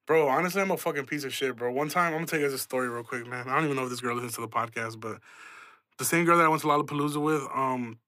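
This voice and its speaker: A man's voice: mid-range voice, very fast, bright, forceful tone, no room sound. A young man hosting a podcast, telling stories in a profane, self-mocking, casual way and laughing often. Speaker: podcast host. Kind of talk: casual storytelling.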